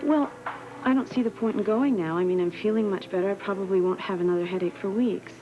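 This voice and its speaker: A gentle young wife , played by a woman, talks softly and hesitantly, eager to please. The recording is dull and lo-fi, with clear music underneath from a 1980s soap opera. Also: mid-range voice, fast, close to an everyday voice. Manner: soft, hesitant, apologetic.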